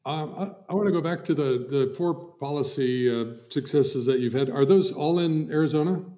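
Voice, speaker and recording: A man interviewing a guest, asking questions in a halting way with many pauses and restarts. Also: fairly high pitch, dark tone. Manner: halting, lots of ums and restarts.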